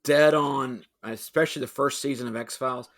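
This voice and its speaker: Man, gravelly voice, casual movie chat, nitpicky, apologizes a lot. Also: medium pitch, steady tone, normal speed, fairly bright tone. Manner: self-deprecating nitpicker, apologetic asides. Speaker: podcast co-host.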